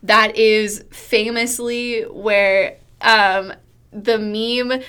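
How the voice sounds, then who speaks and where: A woman co-hosting a casual podcast, eagerly relaying strange facts from her research. She giggles easily. Her voice sits a little higher than most women's. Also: fairly even intonation, drawn-out words, pushed and bright, clear, resonant tone. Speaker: podcast co-host. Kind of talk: casual chat, reading out story research.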